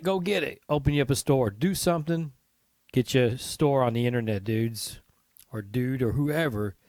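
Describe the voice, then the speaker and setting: A man's voice: fairly high pitch, no room sound. A man hosting his own podcast, talking casually and earnestly to listeners, rambling with asides and restarts. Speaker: podcast host. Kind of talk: casual solo podcast talk.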